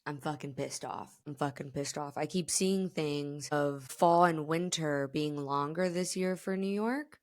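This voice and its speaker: This is a woman from South Florida, just shy of thirty, chatting alone on her podcast. Her voice sits a little low, and she talks in a loose, candid, profane way, peppered with likes and you-knows. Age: late 20s. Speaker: podcast host. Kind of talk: casual solo podcast chat.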